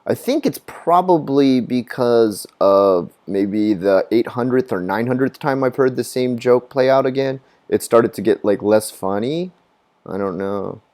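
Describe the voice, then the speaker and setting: A man on his live stream, chatting casually and rambling with a lot of swearing. He laughs at his own jokes and does high mocking voices of other people. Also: unhurried, darkish tone. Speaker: gaming streamer. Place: living in Japan.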